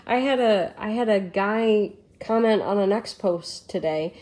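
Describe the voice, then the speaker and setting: A woman's voice: medium pitch, unhurried, a little mellow. A woman from Michigan co-hosting a casual political podcast, telling stories bluntly with swearing and laughter. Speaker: podcast co-host.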